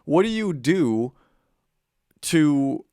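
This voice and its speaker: A man's voice: on the high side, big pitch swings, extremely slow, dark tone, clear, resonant tone, no room sound, clean studio sound. A man hosting a podcast interview, friendly and encouraging, who laughs easily. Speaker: podcast host. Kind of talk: casual interview chat.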